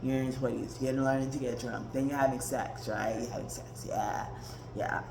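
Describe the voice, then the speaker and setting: A woman's voice: extremely low pitch, steady tone, moderate pace, creaky, noisy background. A woman hosting a podcast, ranting in a blunt, profane casual monologue. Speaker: podcast host. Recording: roomy echoey recording.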